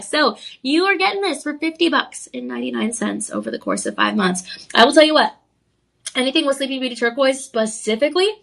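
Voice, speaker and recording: Woman, TV shopping host; high, bright voice; gushing, chatty sales pitch with giggles. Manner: enthusiastic, gushing, frequent laughs and ums. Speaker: shopping channel jewelry host. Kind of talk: live on-air sales pitch. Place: TV studio.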